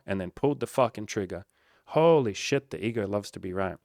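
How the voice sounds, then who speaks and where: A man's voice: on the low side, a little fast, dry recording, clean studio sound. A man speaking candidly to camera, rambling and reflective, with emphatic, heavy swearing. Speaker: life coach and vlogger.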